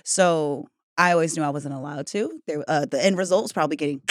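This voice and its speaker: A woman who is a guest on a podcast, chatting casually as an animated storyteller who laughs often. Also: low-pitched, fast, no room sound, clean studio sound. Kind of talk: casual chat.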